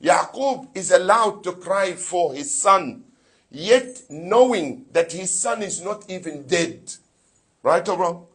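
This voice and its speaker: A man's voice: high-pitched, expressive, takes it slowly, fairly bright tone, breathy edge. A man giving a sermon in a mosque, preaching fervently, asking his listeners rhetorical questions and reciting Arabic phrases from scripture. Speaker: sheikh giving a Muharram lecture.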